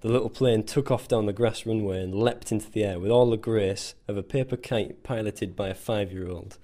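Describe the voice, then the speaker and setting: A man's voice: on the low side, steady tone, normal speed, mellow. A man narrating a scripted first-person story in a dry, self-mocking way. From England. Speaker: volunteer soldier.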